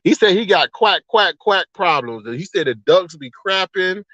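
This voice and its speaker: A man hosting a livestream, chatting casually in a rambling, animated way, exclaiming and laughing often. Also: sits high, moderate pace, no room sound. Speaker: livestream host. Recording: slightly dull, dry sound.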